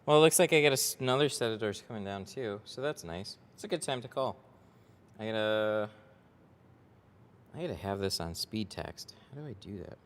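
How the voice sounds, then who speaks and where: Shop owner livestreaming from his tint bay, a low, smooth man's voice with loose, rambling chat and frequent laughs. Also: animated, fairly quick. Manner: chatty, rambling, laughs often. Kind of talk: casual livestream chat while working. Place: car tint workshop. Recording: echoey reverberant workshop.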